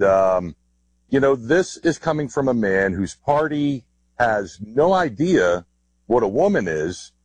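A military veteran speaking in an interview clip, blunt and defiant. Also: male voice, medium pitch, husky, dry recording, poor audio.

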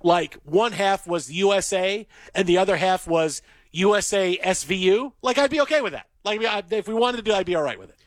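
A man hosting a sports radio show from a studio, chatting casually with lively restarts and easy laughter. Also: sits high, brisk, dry recording. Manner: animated, stammering restarts, laughs easily.

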